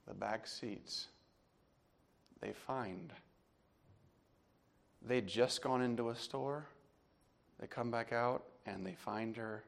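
Man, pastor, sermon, gravelly voice, emotional, hushed to loud. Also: mid-range voice, slow, pauses often. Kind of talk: sermon with personal story.

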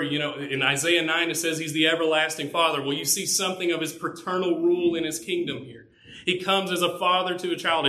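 A pastor preaches a sermon to his congregation, earnest and emphatic, his voice pushed and bright. He gets louder on key points and drops low on others.

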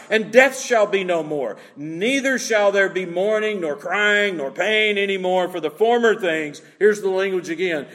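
Male pastor, sermon, animated pitch, slightly high voice, long hall reverb. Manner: expressive preaching, acts out little scenes.

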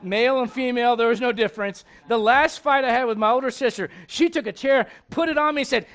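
Preaching in a funny, conversational style, this middle-aged pastor alternates between booming bursts and softly spoken lines. He talks fast in a very high-pitched voice, with few pauses.

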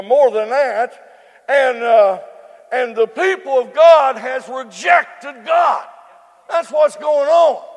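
An older man, preaching a sermon that moves from soft prayer to shouted preaching. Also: very high voice, vocal fry. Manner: prays softly, then preaches in rising shouts. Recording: echoey hall with long reverb.

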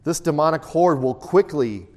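With a fairly high, a little mellow voice and lively intonation, this Bible teacher speaks at a moderate pace. He leads an interactive study, reading scripture out in a raised voice and repeating his group's answers to his questions.

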